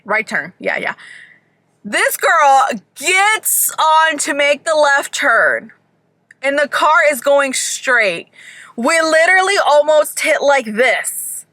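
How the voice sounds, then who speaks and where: Young woman vlogger, high, bright voice, dry close sound, chatty and animated, swears a lot. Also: slow pace, no echo. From Georgia. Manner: animated, swearing, acts out people in bursts. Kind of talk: casual storytime chat.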